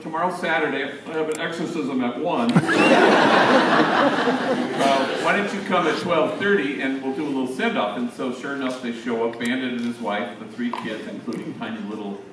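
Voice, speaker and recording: A man in his sixties, a priest, telling stories to a room of teachers in a relaxed, conversational way with slangy asides. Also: medium pitch, background noise. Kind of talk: storytelling talk to teachers. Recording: echoey hall, distant mic.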